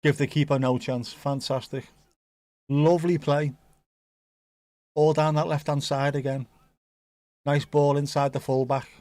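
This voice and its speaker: A man with a British accent hosting a football watchalong, making jokes and bursting into excitement at the goals. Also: a little high, a little slow, long pauses, dry recording. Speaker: watchalong host. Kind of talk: casual live match commentary.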